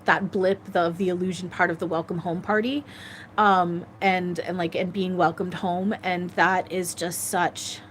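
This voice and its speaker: A woman psychic medium giving a live-stream channeling reading, gentle and earnest, halting as she searches aloud for words. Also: fairly low pitch, little pitch movement, a little hiss or hum.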